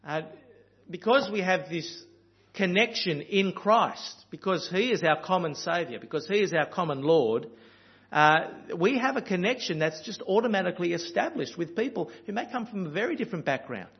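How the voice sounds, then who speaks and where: A man's voice: high voice, expressive, normal speed, lo-fi sound. A man from Australia with an Australian accent, preaching a sermon in an earnest, storytelling way with frequent ums and uhs.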